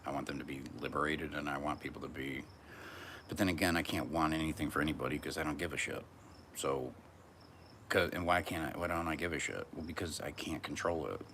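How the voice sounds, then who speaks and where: A man's voice: very deep voice, brisk, sharp tone, slight background noise. A man vlogging from a back porch outdoors, talking in a brash, profane, rambling monologue.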